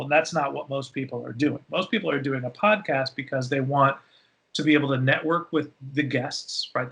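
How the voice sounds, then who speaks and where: Lebhafter Mann, hell und energisch. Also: male voice, creaky. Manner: animated storyteller with big pitch jumps. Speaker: podcast producer, guest. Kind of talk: casual storytelling interview.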